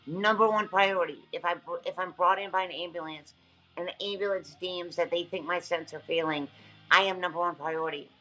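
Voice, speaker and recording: A woman's voice: on the low side, fairly even intonation, a little fast, pushed and bright, dull audio, faint music behind. A woman hosting a livestream, talking back to her chat in an emphatic, repetitive way while exhausted. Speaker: livestream host. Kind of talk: casual livestream talk to chat.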